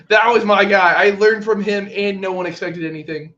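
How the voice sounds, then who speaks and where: An excitable, high-voiced man vents about his team in a casual podcast chat, slipping into mock voices as he quotes players. The sound is a little dull and lo-fi, like a home setup. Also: normal speed. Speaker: podcast co-host.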